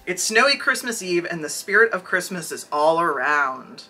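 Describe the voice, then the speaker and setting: A podcast co-host reads a story aloud and tosses in wry, jokey asides. The voice is husky and bright. The pitch moves about a lot. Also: big pitch swings, moderate pace, poor audio. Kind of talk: casual chat and reading aloud.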